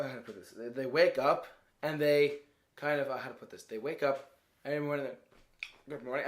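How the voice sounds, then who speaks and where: Rambling man reviewing a film, roomy echo. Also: fairly high pitch. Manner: rambling, searches for words, laughs often. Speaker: movie reviewer. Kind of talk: casual movie review.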